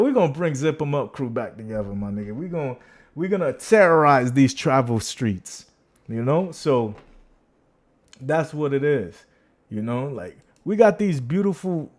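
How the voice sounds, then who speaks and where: A man's voice: fairly high pitch, expressive, normal speed. Brash taunting man hosting a livestream. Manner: brash, taunting, slangy, addresses chat directly. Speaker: livestream host. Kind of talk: casual livestream chat.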